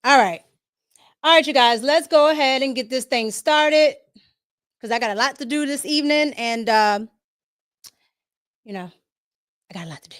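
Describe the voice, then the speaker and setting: A woman's voice: high voice, normal speed, pauses often, a bit bright. A woman with a Washington D.C. accent hosting a live podcast, chatting casually, greeting viewers by name and laughing often. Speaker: podcast host. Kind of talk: casual livestream chat.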